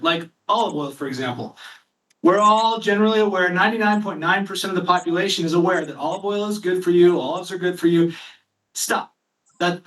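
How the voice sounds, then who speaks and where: Man, high voice, explainer in a pitch, rhetorical style, echoey and distant. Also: fairly bright tone. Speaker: company presenter. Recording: echoey room, mic at a distance.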